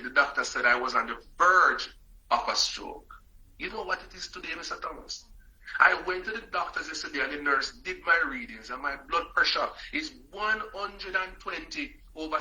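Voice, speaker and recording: A man's voice: fairly high pitch, moderate pace, bright, forceful tone, rough recording. A man voicing a frantic middle-aged woman customer, breathless and pleading as she retells her news. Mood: elated.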